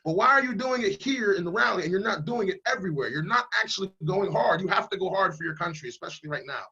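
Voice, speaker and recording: A political candidate speaks in a high, bright and slightly husky voice. He talks emphatically and bluntly, pushing his points with fiery conviction. The sound is dull and lo-fi, as on a video call. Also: expressive, fast. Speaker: congressional candidate. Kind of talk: casual interview over video call.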